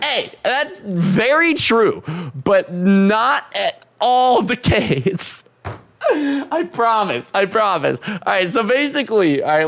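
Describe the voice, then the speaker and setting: A man's voice: on the high side, a bit bright. A man chatting casually with his live stream viewers, rambling, reading chat aloud and laughing often.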